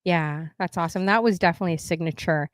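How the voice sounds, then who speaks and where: A woman's voice: lowish voice, fast talker, no echo. Playful, chatty woman host. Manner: chatty, playful, laughs often. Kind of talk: casual chat.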